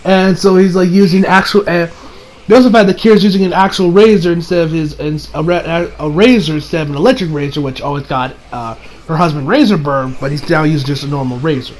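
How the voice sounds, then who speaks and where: A man's voice: a little high, fast, poor audio. A man giving a casual recap of an anime episode. He rambles and keeps correcting himself. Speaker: anime reviewer.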